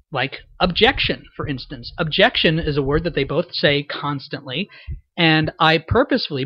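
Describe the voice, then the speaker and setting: A man giving a reflective audio commentary on his voice acting, explaining his choices thoughtfully with frequent pauses and fillers. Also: a little high, dry recording, highs cut off.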